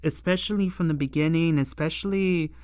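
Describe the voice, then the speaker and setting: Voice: mid-range voice, fairly quick, darkish tone, dry recording, studio quality. A show reviewer recapping an episode in casual, rambling talk full of fillers and exasperated asides. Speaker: anime and tokusatsu episode reviewer.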